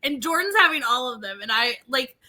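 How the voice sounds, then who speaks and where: A woman with a high, sharp voice co-hosts a reality show podcast, chatting briskly and animatedly. She laughs often and keeps restarting her sentences in this casual conversation.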